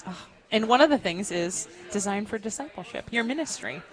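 A woman's voice: mid-range voice, lively intonation, fairly quick. A woman hosting a talk radio interview, gushing and chatty with lots of fillers. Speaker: radio show host.

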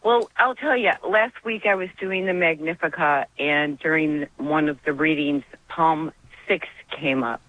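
A woman's voice: deep voice, a little slow. A woman calling in to a radio show, earnest and near tears as she speaks. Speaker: caller. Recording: tinny phone line.

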